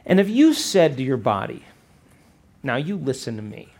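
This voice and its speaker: A man's voice: medium pitch, big pitch swings, moderate pace, darkish tone. A man teaching a seminar to a live audience, often checking in with rhetorical questions and acting out quoted voices. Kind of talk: live workshop lecture.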